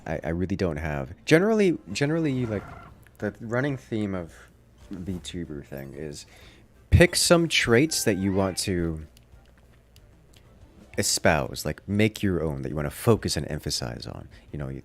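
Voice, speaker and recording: A Southern man with a very deep, creaky, sing-song voice plays a game on a livestream, taking his time. He chats casually and wryly, rambling along with self-deprecating asides.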